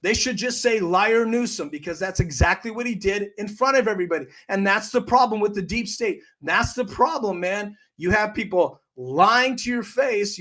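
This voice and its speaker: A man's voice: sits high, a bit bright. A man hosting his own podcast, delivering heated, emphatic political commentary. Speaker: podcast host.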